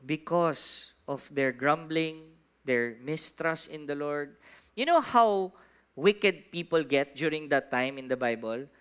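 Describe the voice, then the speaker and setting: A man with a Filipino accent, preaching a sermon in church, animated and asking the congregation questions, moving between soft and loud. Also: fairly high pitch, takes it slowly, smooth. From Philippines. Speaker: pastor.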